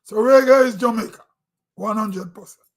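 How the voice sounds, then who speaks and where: A man with a Grenadian accent hosting a show and giving his opinion in a deliberate, emphatic way with pauses. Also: high voice. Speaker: host. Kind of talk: opinion commentary.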